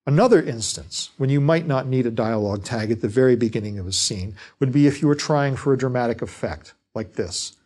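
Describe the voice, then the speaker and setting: A man giving a scripted lecture on fiction writing, speaking in a measured, deliberate way. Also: medium pitch, expressive, a little mellow.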